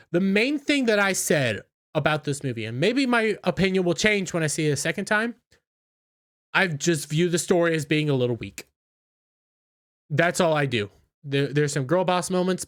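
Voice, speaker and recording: A man's voice: fairly high pitch, a bit bright. A man giving opinionated commentary in an indignant, scornful, ranting manner. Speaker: YouTube commentator.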